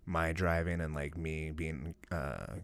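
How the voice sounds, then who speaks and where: A man's voice: a bass voice, fairly even intonation, takes it slowly, fairly bright tone, clear, resonant tone, no echo. A man chatting casually as a podcast co-host, rambling loosely with plenty of fillers and swearing. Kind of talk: casual chat.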